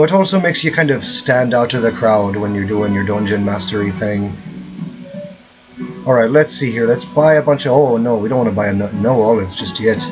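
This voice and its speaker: A man's voice: mid-range voice, low-quality recording. A man casually commentating his gameplay as a streamer, rambling with lots of fillers and offhand swearing.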